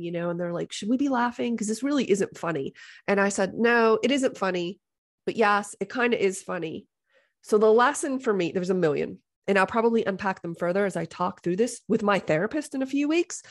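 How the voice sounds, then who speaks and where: Animated, joking woman podcast host. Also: medium pitch. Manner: animated, exasperated, joking, jumps into voices of others. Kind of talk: casual storytelling monologue.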